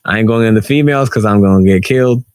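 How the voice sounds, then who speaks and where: Talking at a quick pace in a clean tone, this man co-hosts a casual, argumentative podcast. He animatedly tells stories and voices others' quotes with high squeals, all captured in a dry, studio-quality recording.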